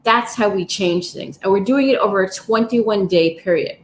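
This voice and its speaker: Gentle woman guiding affirmations, echoey room. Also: medium pitch, slight background noise. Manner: gentle, encouraging, slow and soothing. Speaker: wellness coach leading a live session. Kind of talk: guided stretching, breathing and affirmations. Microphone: livestream, device mic.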